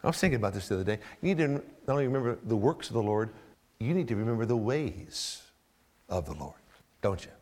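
A man preaching a sermon to his congregation. He repeats key phrases, asks the listeners questions, and swings between low, quiet stretches and loud, emphatic ones. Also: animated, quick pace. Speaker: pastor.

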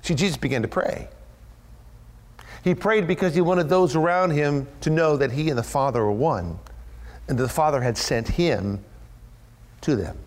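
A man preaching a sermon, retelling a scripture story with lively, dramatic delivery and acting out the voices. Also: a little high, moderate pace, pauses often, in a large hall.

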